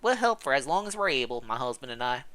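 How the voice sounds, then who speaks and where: A man voicing a kindly, chatty old woman housekeeper in a game, in a high fluttery put-on voice. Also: sing-song, quick pace, bright, forceful tone, clear, resonant tone.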